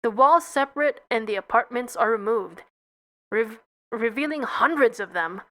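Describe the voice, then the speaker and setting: Young woman narrator, casual read-through, bright high voice, stumbles on words. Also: animated, normal speed. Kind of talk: playful script read-through.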